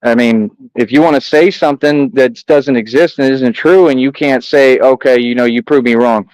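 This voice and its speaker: A man delivers a defiant monologue to camera, boasting and daring his critics in loose street slang. His voice sits at a middle pitch and sounds close and dry, with no room around it. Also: normal speed, darkish tone, no room sound, low-quality recording. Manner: boastful, combative, repetitive slang-heavy street talk. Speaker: vlogger addressing critics.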